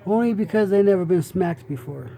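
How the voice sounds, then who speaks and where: A man's voice: high voice, animated, a little fast, vocal fry, dark tone, a little hiss or hum, rough recording. A man hosting a reaction video, giving brash, profane, trash-talking commentary.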